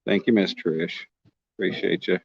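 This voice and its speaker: A man's voice: sits low, steady tone, moderate pace, creaky, breathy edge, no echo, highs cut off. A man from Oklahoma chatting casually on a fishing livestream outdoors, reading comments and joking with viewers. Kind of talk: casual live-stream chat reading comments. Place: outdoors at a lake bank.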